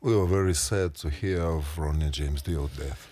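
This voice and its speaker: Radio host, Russian native speaker, very low voice, dry studio sound, short hesitant questions. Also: male voice, moderate pace, dark tone, dry recording. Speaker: radio interviewer. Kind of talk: radio interview.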